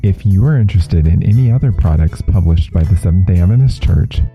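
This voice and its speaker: A man reading a formal closing announcement for a podcast in a measured way. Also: low-pitched, animated, creaky, lo-fi sound, faint music behind.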